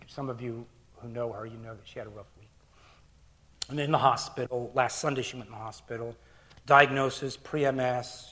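Earnest middle-aged male pastor preaching. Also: mid-range voice. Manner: earnest, shifts between hushed near-whispers and loud emphatic bursts. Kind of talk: sermon.

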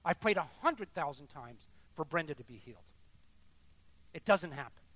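A middle-aged male pastor preaching with a lively, wide-ranging pitch. He swings between hushed, confessional lines and loud, insistent repetition. His delivery is emphatic and direct. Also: normal speed, no room sound. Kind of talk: sermon.

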